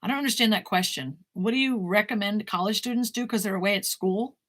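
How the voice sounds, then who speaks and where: A woman's voice: mid-range voice, quick pace, fairly bright tone. A woman, a talent manager, bluntly answering viewer questions in a casual live Q&A, swearing now and then.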